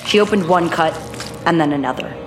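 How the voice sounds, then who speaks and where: Woman audiobook narrator, low voice, measured reading, faint music underneath. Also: expressive.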